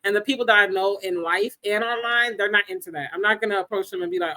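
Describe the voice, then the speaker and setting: A woman co-hosting a podcast in casual chat. She tells stories with animation and laughs easily, her pitch sitting in the middle range. She goes back and forth with her co-host in a relaxed, conversational way. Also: fairly quick. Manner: laughs often, animated storytelling.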